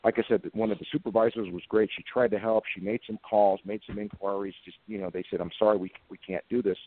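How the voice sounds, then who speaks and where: A man's voice: on the low side, fairly even intonation, fast talker, a little hiss or hum. Earnest man telling stories over a tinny line. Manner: earnest, plain-spoken, emotional when recalling events. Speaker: police officer guest. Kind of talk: anecdotal storytelling in conversation. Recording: tinny phone-like line, dry sound.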